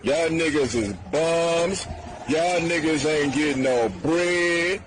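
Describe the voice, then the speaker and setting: A man's voice: on the high side, slow, noisy background. A man boasting and taunting in a played clip.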